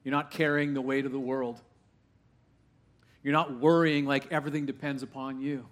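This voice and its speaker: A man preaching a sermon to a live congregation in a church, in a conversational style full of questions, swinging from hushed asides to loud, rising exclamations. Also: mid-range voice, little pitch movement, normal speed. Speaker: pastor.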